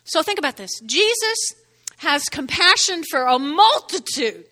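Woman pastor, high lively voice, chatty sermon delivery, hall echo. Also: unhurried. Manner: conversational, keeps asking "okay?".

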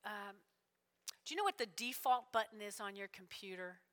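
A woman preaching a sermon in a church, animated and repetitive, often checking in with her listeners. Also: medium pitch, normal speed. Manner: animated, repeats lines, checks in with "all right?". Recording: long hall reverb.

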